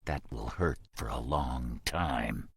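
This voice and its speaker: A man voicing an enraged young army captain who hisses and shouts threats. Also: extremely low pitch, very animated, a little slow, breathy edge, no room sound, clean studio sound, exaggerated voice. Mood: menacing. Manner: seething, hissing threats.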